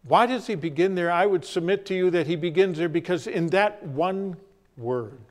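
A man preaching a sermon, telling stories and repeating phrases for emphasis, shifting between loud and hushed delivery. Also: high voice. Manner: dramatic storytelling with pauses, acts out quoted voices.

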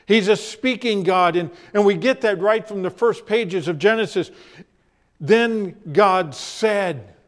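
A man preaching a sermon, telling stories and repeating phrases for emphasis, shifting between loud and hushed delivery. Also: high voice. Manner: dramatic storytelling with pauses, acts out quoted voices.

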